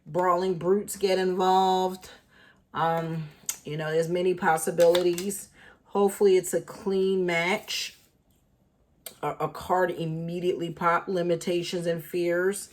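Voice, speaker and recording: A woman's voice: lowish voice, flat delivery, a little slow, a little hiss or hum. A woman doing a casual tarot reading for her channel, chatty and thinking aloud with lots of fillers. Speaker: tarot reader.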